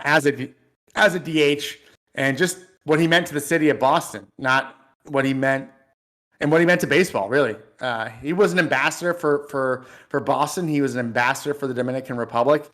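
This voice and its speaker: A man's voice: medium pitch, a bit bright. A male co-host on a casual sports podcast. He speaks with earnest, fan-like enthusiasm and often restarts his sentences as he talks.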